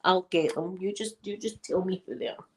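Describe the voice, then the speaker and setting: A woman's voice: lowish voice, steady tone, brisk, a little mellow. Playful, chatty Glaswegian woman. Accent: Glaswegian Scottish. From Scotland. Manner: chatty and playful, laughs at her own jokes. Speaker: vlogger. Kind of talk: casual chat vlog.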